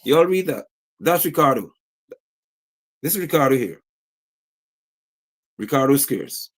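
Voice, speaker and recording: A man doing political commentary on a livestream reads posts aloud with indignation and rattles off rhetorical questions. His voice is medium-pitched, expressive and unhurried, picked up by a streaming setup mic.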